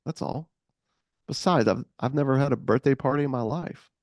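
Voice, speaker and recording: A man with a medium-pitched, darkish voice at normal speed, recorded with no room sound, voices a weary woman about to turn thirty-nine. He pitches it above his own voice yet keeps it close to everyday speech, sounding defensive and plaintive.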